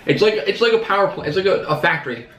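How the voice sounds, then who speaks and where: Teasing man with a lively voice. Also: high voice, quick pace, dull audio. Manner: teasing, lecturing. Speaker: vlogger's partner. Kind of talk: casual chat. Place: home, indoors. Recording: echoey room, faint noise.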